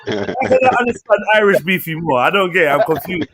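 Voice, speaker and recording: A man hosting a live stream, telling stories in lively slang and laughing often. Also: on the high side, fairly quick, a crowd in the background. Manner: animated storytelling, slangy, laughs a lot. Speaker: stream host. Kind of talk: casual chat on a live stream.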